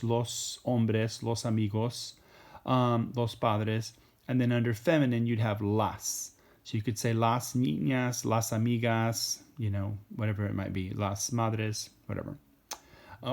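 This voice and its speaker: A man's voice: medium pitch, creaky, darkish tone. Male Spanish teacher, easygoing patient lesson delivery. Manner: casual, explains patiently with many fillers and "okay?" checks. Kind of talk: recorded classroom lesson. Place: home or classroom, alone.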